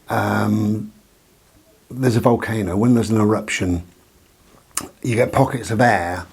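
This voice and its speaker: Man, low voice, breathy tone, rambling and hesitant, casual home vlog. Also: darkish tone. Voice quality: rambling, hesitant, full of ums. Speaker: vlogger. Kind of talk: casual reflective monologue. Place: living room of his bungalow.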